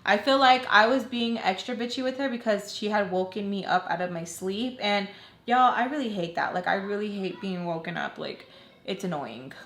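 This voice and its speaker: A woman's voice: medium pitch, moderate pace, a bit bright. A young woman telling a personal storytime in a casual vlog, candid and blunt, with plenty of swearing. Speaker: storytelling vlogger. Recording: roomy echo.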